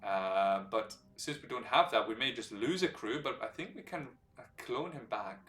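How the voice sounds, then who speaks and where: A man streaming a strategy game live, explaining its mechanics as he plays, relaxed and hesitant with many fillers. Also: mid-range voice, normal speed. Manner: explains game mechanics while thinking aloud. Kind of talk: live gameplay commentary. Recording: roomy sound from a distant mic, faint background music.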